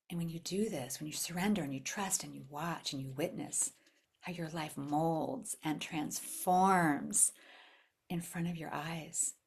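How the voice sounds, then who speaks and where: Low-voiced woman leading a spiritual workshop. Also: gravelly, slightly rough. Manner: expressive, acts out quoted voices loudly, drops to whispers for emphasis. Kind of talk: live workshop teaching to a group.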